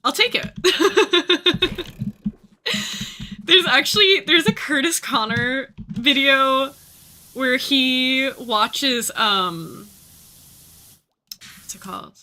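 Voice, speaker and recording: Young woman streamer rambling on, kinda high bright voice, lots of likes and ums. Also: very slow, pauses often. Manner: chatty and animated, rambling with many fillers. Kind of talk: casual gaming stream chat.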